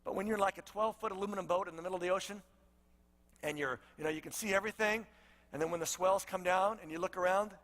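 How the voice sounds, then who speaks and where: High, bright-voiced preacher in a hall. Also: male voice, fast talker. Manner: conversational, storytelling, animated asides. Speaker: pastor. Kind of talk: sermon.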